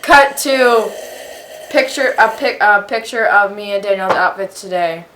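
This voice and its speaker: A young woman with a bright, clear voice jokes around bluntly and cheekily, speaking over a faint hum at home. A camera on a tripod picks her up. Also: medium pitch, normal speed, echoey room. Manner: goofy, blunt, jokey. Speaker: guest friend. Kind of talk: casual chat with a friend.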